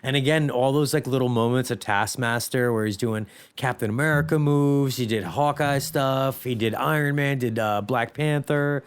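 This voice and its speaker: Male podcast co-host, clear resonant tone, casual rambling film chat. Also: mid-range voice, moderate pace, hardly any pauses. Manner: rambling, full of fillers and restarts. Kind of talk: casual movie discussion.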